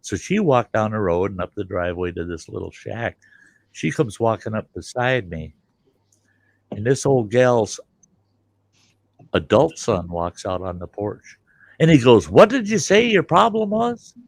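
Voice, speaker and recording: Gravelly low-voiced man spinning a folksy yarn. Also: expressive, unhurried, long pauses, a little mellow, no room sound. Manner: rambling, colorful anecdotes with acted-out quotes. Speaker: livestream host. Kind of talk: folksy storytelling chat.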